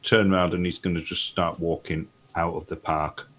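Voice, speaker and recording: A man's voice: sits low, flat delivery, normal speed, fairly bright tone. A man playing a tabletop game, describing his character's actions matter-of-factly. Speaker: player. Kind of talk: tabletop role-play.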